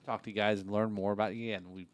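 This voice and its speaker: A man hosting a casual podcast, relaxed and agreeable, with lots of "yeah" and "right" as he wraps up and plugs events. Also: fairly low pitch, fast talker. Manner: relaxed and affirming, many fillers. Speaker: podcast host.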